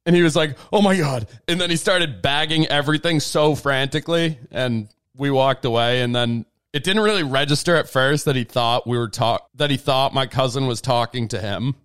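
Clear and resonant, a man's mid-range voice flows at a moderate pace with barely a pause as he co-hosts a casual podcast through a home desk mic. He tells wandering stories and gets lively mimicking those he quotes.

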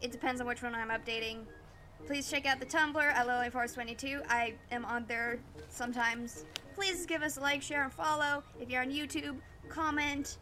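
A woman's voice: high-pitched, normal speed. A woman narrating as game master of a tabletop game, cheerfully wrapping up with sign-off plugs. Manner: friendly, animated outro plugs.

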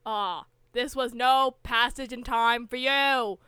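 A woman's voice: fairly high pitch, fairly even intonation, slow, pushed and bright, smooth, dry recording. A young woman co-hosting a podcast, chatting casually and bluntly while she recaps a show. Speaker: podcast co-host.

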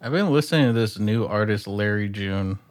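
A fairly low-voiced man co-hosting a casual podcast. He laughs and swears freely, and his talk is relaxed and rambling. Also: a little fast. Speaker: podcast co-host. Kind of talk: casual comedic chat.

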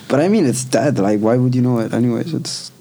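A man's voice: mid-range voice, gravelly, mellow, husky. A young man chatting casually with friends, rambling loosely and swearing, often calling people "mate". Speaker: podcast co-host. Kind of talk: casual chat among friends.

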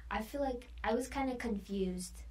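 A woman's voice: a little high, moderate pace, darkish tone, slight background noise. A woman guest in a casual chat, talking in a chatty way with many fillers and sometimes dropping to a whisper.

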